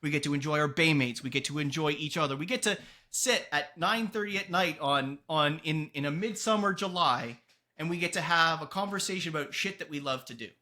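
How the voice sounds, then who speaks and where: A man's voice: a little high, a little fast, bright, forceful tone. A man hosting a podcast, giving earnest, emphatic motivational advice in a casual tone and swearing now and then. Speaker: podcast host and coach.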